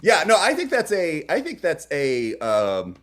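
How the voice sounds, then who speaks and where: A man's voice: fairly high pitch, wildly swooping pitch, a little slow, a bit bright. A man co-hosting a livestreamed talk show, chatting casually and joking, reading out chat. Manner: joking, reads chat aloud. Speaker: podcast co-host.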